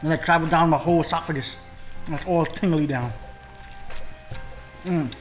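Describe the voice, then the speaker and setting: A man's voice: fairly high pitch, normal speed, soft background music. A man vlogging a spicy food challenge in a casual way, groaning and exclaiming between bites. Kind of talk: casual mukbang vlog.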